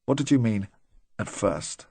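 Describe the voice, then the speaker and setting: A quiet, cold official, as a man reads him, who says little and keeps it clipped. The voice is low and sits dry and close to the mic. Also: expressive, unhurried, creaky, husky, no echo, full character voice. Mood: cool, quiet. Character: quiet, cold male official behind a desk.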